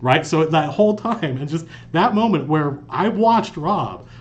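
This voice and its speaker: A man's voice: a little high, a little slow, highs cut off. A man hosting a live stream in an office conference room, talking casually and telling stories with lots of restarts, recorded on a lapel mic. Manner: animated, rambling storyteller with many restarts. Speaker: game master and host.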